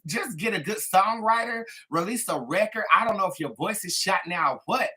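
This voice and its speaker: A woman's voice: on the low side, sharp tone. A woman hosting a live tarot stream, chatting in a sassy, gossipy way between readings. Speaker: tarot reader and livestream host. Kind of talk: casual livestream chat and tarot reading.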